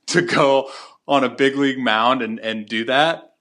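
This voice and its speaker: A man's voice: mid-range voice, a little slow, fairly bright tone. A young man in his twenties co-hosting a podcast, chatting casually in slang with lots of fillers and restarts. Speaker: podcast co-host. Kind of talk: casual chat.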